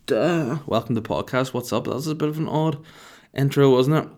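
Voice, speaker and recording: A man's voice: medium pitch, fast talker, darkish tone. A man in his thirties hosting a podcast, telling a rambling comic story in a jokey, self-mocking way. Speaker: podcast host.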